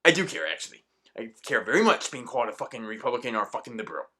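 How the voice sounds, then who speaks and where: A man's voice: mid-range voice, sing-song, rapid-fire, bright, forceful tone. A man delivering an angry, profanity-laced ranting monologue as a vlogger.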